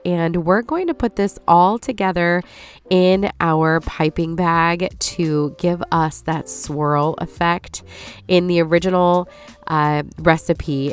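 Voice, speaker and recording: A woman's voice: fairly low pitch, clean tone. A woman in her forties with a stuffy, nasal voice from allergies, chatting viewers through a recipe as a lifestyle host. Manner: chatty, apologetic, warm asides to viewers. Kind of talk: casual recipe voice-over. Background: soft background music.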